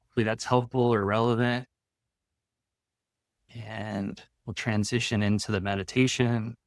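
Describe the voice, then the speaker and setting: Man, low flat voice, gravelly, soft slow meditation guide, spiritual teacher. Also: no echo, clean studio sound. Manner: slow, soft meditation guidance with long pauses; rambling, loose casual talk with many "like" fillers. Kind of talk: channeled energy update and guided meditation.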